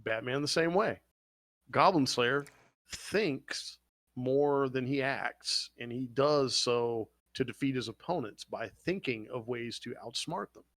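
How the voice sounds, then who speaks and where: A man hosting a laid-back podcast, pitched at an everyday middle, who tells stories with excitable energy and plenty of swearing. His voice is recorded close and dry, with no room sound around it. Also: slow pace, no echo. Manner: excitable, profane storytelling. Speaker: podcast host. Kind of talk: casual podcast chat.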